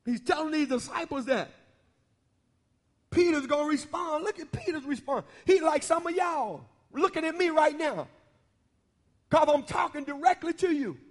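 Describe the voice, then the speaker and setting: Man preaching, very high voice for a man, colloquial and animated, church with long reverb. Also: normal speed. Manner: colloquial, animated, teasing the congregation. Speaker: pastor. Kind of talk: sermon. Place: church sanctuary.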